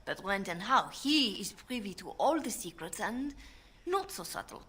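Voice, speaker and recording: A woman's voice: mid-range voice, big pitch swings, moderate pace, pushed and bright, slightly rough, exaggerated voice. A woman voicing an anxious young handmaiden to a queen, speaking with a heavy French accent in an earnest, pleading way. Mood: urgent.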